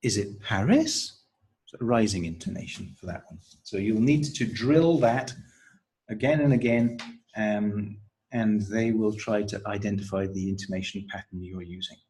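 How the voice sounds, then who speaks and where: A man giving a pronunciation lesson for teachers, modelling intonation patterns and counting syllables out slowly and deliberately. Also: fairly low pitch, a little mellow, breathy edge, rough recording. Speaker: teacher trainer.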